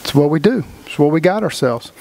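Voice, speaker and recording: Blunt, folksy man with a high voice. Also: animated, a little fast, gravelly, darkish tone, dry recording. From Texas. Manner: blunt and folksy, acts out quoted voices, swears freely. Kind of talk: casual motivational talk to a group.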